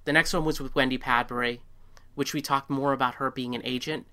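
A man's voice: mid-range voice, steady tone, fairly quick, sharp tone. A man on a podcast, chatting casually and telling stories with plenty of ums and restarts. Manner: chatty storyteller with many fillers and restarts. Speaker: podcast co-host.

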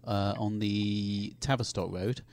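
A man's voice: fairly low pitch, steady tone, slow, creaky, a little mellow, dry recording. A man co-hosting a casual podcast, telling rambling local anecdotes. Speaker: podcast co-host. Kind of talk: casual group chat.

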